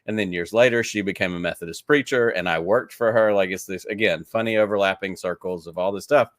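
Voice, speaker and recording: A man's voice: lowish voice, brisk, no room sound, studio quality. A man with a Southern accent, a podcast guest chatting about his hobby, telling stories in an eager, rambling way full of filler words. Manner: enthusiastic rambling storyteller, many "like"s. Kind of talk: casual interview chat.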